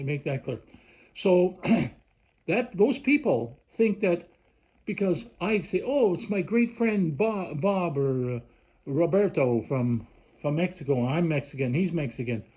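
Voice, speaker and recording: Husky man ranting. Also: fairly high pitch, mellow, lo-fi sound. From Canada. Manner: worked-up, rambling, frequent restarts. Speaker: vlogger. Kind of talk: rambling casual rant.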